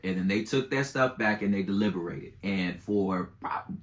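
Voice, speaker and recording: A man hosting a podcast who gives casual political commentary in slangy, animated storytelling and acts out both sides. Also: deep voice, moderate pace. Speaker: podcast host.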